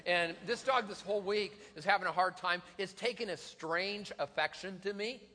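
Bright high-voiced pastor in a reverberant hall. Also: male voice, normal speed. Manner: self-deprecating storyteller, laughs often. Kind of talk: humorous Easter sermon. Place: large church hall.

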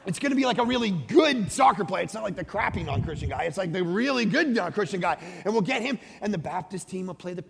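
A high-voiced male pastor preaching with a gravelly edge in his voice. He moves between punchy emphasis and quiet, confiding asides. The sound rings with the long reverb of a big hall. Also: lively intonation, fast, hardly any pauses. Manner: emphatic and conversational, swinging between loud and hushed. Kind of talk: sermon.

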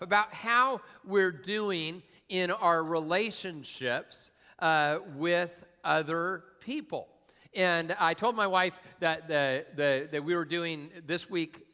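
Bright-voiced pastor preaching in a hall. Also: male voice, on the high side. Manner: conversational, humorous storytelling with fillers. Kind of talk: sermon.

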